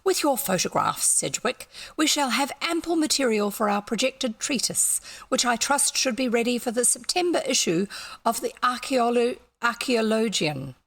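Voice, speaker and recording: A woman's voice: a little high, lively intonation, normal speed, vocal fry, a bit bright, no echo, voice pushed up, exaggerated voice. A woman with a New Zealand accent voicing a fussy, pompous little old male antiquarian who lectures in a raised, precise voice.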